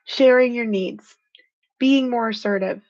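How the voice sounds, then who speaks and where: Earnest, higher-voiced woman hosting a live stream. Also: a little slow, a little mellow, muffled recording. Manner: earnest, heartfelt and emotional, says "freaking" for emphasis. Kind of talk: motivational live-stream talk.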